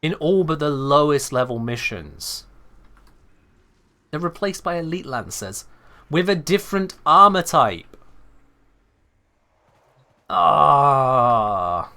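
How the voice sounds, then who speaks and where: Lively, bright-voiced British man. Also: a little high, a little slow. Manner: chatty, animated, self-correcting. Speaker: game streamer. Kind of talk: casual live-stream commentary.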